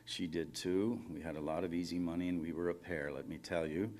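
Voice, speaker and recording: A man's voice: low-pitched, steady tone, a little fast, a little mellow, natural voice. A man reading fiction aloud, voicing a lonely middle-aged man who rambles and apologizes on a phone call. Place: conference reading room.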